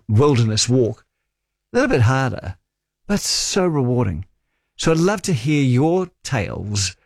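A man's voice: medium pitch, a little mellow, dry recording, studio quality. A man in his forties with a New Zealand accent, hosting a talkback radio show and telling stories in a chatty, wry way.

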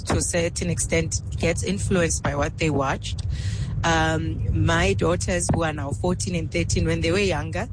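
A woman's voice: lowish voice, background noise. A woman, calling in to radio to chat about her daughters. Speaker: caller. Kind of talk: phone-in anecdote.

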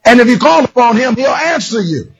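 A man preaching a sermon with a raspy voice, often shouting and sliding into a singsong lilt. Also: extremely high pitch, a little fast. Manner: animated, shouting, singsong emphasis. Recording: dull lo-fi recording.

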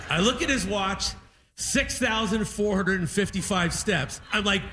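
A man's voice: sits high, moderate pace, slight background noise. A Canadian man doing stand-up, telling a family story and acting out his relatives' voices. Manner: animated, acts out family members' voices. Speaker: stand-up comedian.

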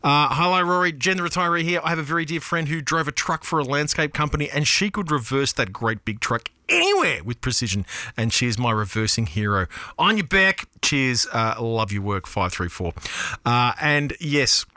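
An Australian man hosts a radio show in loose, excitable chat that swings all over the pitch range. His voice is bright and forward, recorded close and dry on a studio broadcast mic. He rambles through listener texts and swears freely. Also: moderate pace, no echo. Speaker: radio host.

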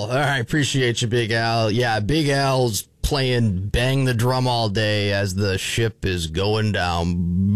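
A man's voice: lowish voice, fairly even intonation, takes it slowly, few pauses, no echo, studio quality. A man hosting a sports radio call-in show, jokey and conversational.

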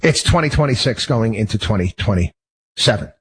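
Male host, husky, heated rambling monologue. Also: fairly low pitch, expressive, normal speed, poor audio. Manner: heated, rambling, many restarts. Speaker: show host. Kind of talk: personal monologue.

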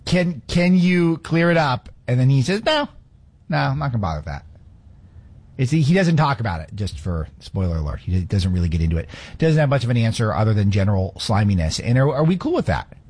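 A man's voice: mid-range voice, animated, a little fast, a little mellow, husky. A man in his thirties hosting a political commentary show, sarcastic and fond of mocking rhetorical questions. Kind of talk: opinionated monologue with played clips.

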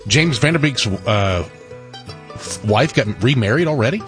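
A man's voice: mid-range voice, lively intonation, measured pace, fairly bright tone, soft background music. A man co-hosting a radio show who asks questions, reacts a lot and laughs easily in casual talk. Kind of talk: casual chat.

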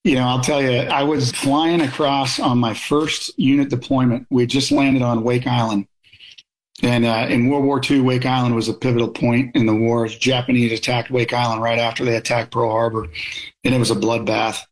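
A man recounting his military days in a loose, anecdotal way, often circling back and restarting his sentences. His voice sits at an ordinary middle pitch. He talks like a guest sharing stories in a casual interview. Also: flat delivery, normal speed, poor audio. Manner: anecdotal, many restarts and fillers.

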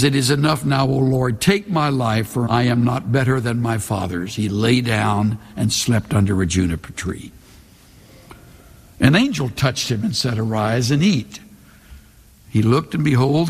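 Gravelly-voiced man preaching in a hall. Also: medium pitch. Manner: measured, dramatic scripture reading with slowed emphasis. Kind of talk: sermon.

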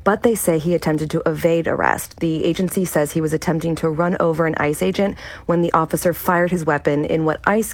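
A woman radio reporter giving a measured, factual news report. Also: sits low.

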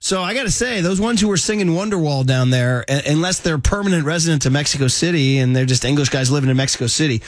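A man hosting sports talk radio, casual and animated, full of slang, his voice jumping up when he gets worked up. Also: a little high, fast, few pauses, no room sound, studio quality.

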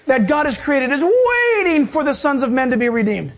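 A man preaching a sermon as pastor, emphatic and animated with quick bursts. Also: very high-pitched.

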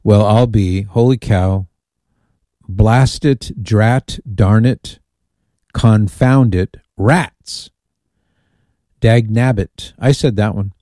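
A man's voice: on the low side, very slow, pauses often, warm tone, no echo, studio quality. A man hosting a call-in radio show, chatting and reading listener emails aloud with amused asides. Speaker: radio host.

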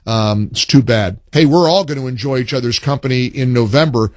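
A man's voice: mid-range voice, darkish tone, dry recording. A man hosting a talk radio show, speaking emphatically with punchy stress and chatting with callers. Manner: emphatic, reads a post aloud with slow punchy stress.

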